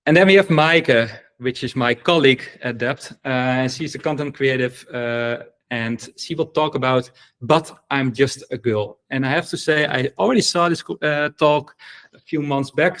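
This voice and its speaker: Male host, eager and chatty, mid-pitched voice, lots of ums while introducing speakers. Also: moderate pace, fairly bright tone. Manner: enthusiastic, filler-heavy, stumbles over names. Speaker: event host. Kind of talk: live online event introduction.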